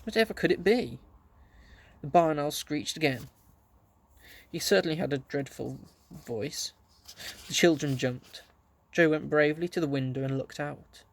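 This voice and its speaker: Gravelly storybook narrator man. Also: on the high side, unhurried. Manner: gentle storytelling, voicing characters lightly. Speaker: audiobook reader.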